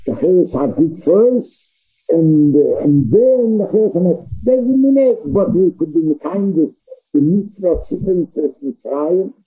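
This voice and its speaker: Husky man giving a halting Talmud lecture. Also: fairly high pitch, sing-song, phone-quality sound, soft background music. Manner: halting, repeats words while thinking aloud. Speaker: Torah teacher.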